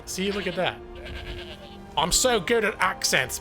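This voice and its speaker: Male streamer, talkative and self-mocking, voice sits a bit high, soft music underneath. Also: expressive, unhurried, long pauses. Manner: chatty, joking, self-deprecating. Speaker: gaming streamer. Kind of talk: live gameplay commentary.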